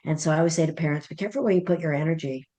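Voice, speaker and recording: A woman's voice: deep voice, very fast, mellow. A middle-aged woman, a parenting author guest, telling a story animatedly and acting out the dialogue. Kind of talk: conversational storytelling interview.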